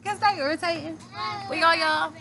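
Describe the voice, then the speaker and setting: High pitched woman cohost, swoopy voice, chatty and slangy, noisy background. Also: moderate pace. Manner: animated, slangy, laughs often. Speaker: podcast co-host. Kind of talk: casual chat.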